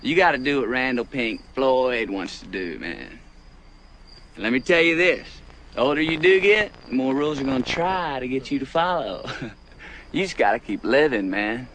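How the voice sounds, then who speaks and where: A man's voice: mid-range voice, expressive, moderate pace, a bit bright, a little hiss or hum. A man voicing a laid-back older man who drawls about rules and getting older. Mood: easygoing.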